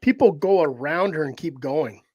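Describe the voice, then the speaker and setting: Animated storytelling man, slightly high voice. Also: normal speed, lo-fi sound. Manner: animated, laughs often, acts out voices in quotes. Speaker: podcast host telling a story. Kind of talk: casual storytelling.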